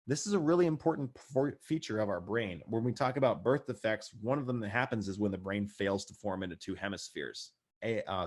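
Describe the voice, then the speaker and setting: Male paramedic instructor, medium-pitched, talks through a recorded lecture in a casual conversational way with dry jokes. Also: a little mellow. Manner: conversational, dry asides, checks in with "right?".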